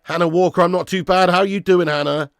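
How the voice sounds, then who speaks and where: A man hosting a live football watch-along, calling the play and reading chat, excitable and swearing freely. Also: sits high, a little fast, smooth, dry recording, clean studio sound. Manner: excitable, swears, jumps from play calls to chat shout-outs. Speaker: fan channel host.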